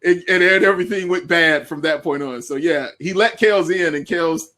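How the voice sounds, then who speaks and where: A man from Chicago, co-host of a sports show, telling animated stories in casual chat and acting out what people said. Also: fairly high pitch, moderate pace, slight background noise. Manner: animated storyteller, acts out quotes, laughs often.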